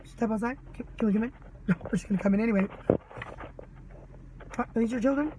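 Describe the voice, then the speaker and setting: A woman voicing a curt male soldier who barks brusque, rushed orders. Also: a little high, background noise, natural voice.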